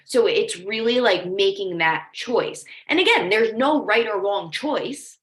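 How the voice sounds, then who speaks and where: A woman's voice: medium pitch, animated, measured pace, fairly bright tone. A woman coach giving a casual training talk, chatty and filling her sentences with "like". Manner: chatty, lots of "like", storytelling asides. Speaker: life coach leading a training. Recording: echoey room.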